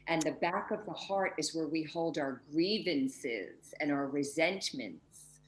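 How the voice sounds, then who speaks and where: Low emotional woman hosting a spiritual chat on a video call, roomy echo. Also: expressive, slow pace, slight background noise. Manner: emotional, acts out inner voices. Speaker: host. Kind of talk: heartfelt spiritual conversation.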